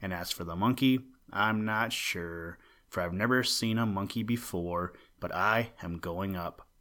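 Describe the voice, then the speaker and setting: A man voicing a small, frightened gingerbread man in a storybook reading, with plaintive, drawn-out wails. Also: low-pitched, sharp tone. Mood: determined.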